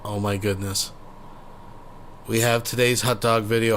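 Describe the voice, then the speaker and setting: A man's voice: lowish voice, level tone, unhurried, pauses often, fairly bright tone, slight background noise. A man hosting a casual commentary show, talking laid-back to his viewers. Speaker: commentary host.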